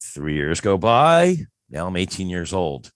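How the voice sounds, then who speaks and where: A man in his fifties from Philadelphia, telling a story in a casual, animated way and acting out the voices in it. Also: low voice, measured pace, clean tone, no echo, studio quality. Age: 50s. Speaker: guest.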